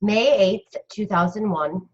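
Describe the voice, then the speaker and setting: A woman's voice: mid-range voice, takes it slowly, husky, dull audio. A woman doing an astrology reading on a casual live stream, blunt and chatty, with casual swearing. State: cold, shivering. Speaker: astrology reader.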